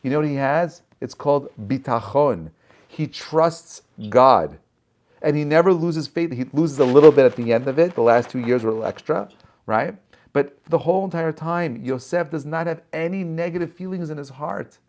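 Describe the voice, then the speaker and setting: A rabbi giving a short inspirational Torah talk over a video call, telling the story with rhetorical questions and frequent "right?" and "okay?". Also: male voice, fairly high pitch, normal speed, darkish tone. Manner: peppers speech with "right?" and "okay?".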